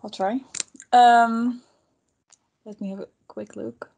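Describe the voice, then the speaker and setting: A woman's voice: fairly high pitch, fairly even intonation, slow, darkish tone. A woman helping teach a language lesson, reading slides aloud and translating them tentatively.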